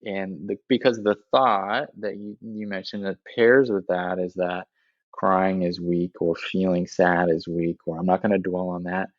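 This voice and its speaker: A man's voice: low-pitched, steady tone, unhurried, no room sound, muffled recording. A man in a podcast conversation, explaining reflectively and often checking in with "right?" as he talks.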